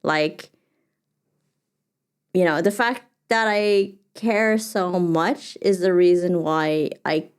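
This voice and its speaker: Woman solo podcast host: low, smooth, loose and chatty, thinks out loud. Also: fairly even intonation, takes it slowly. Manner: thinks aloud with many fillers and restarts. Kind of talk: reflective solo podcast monologue.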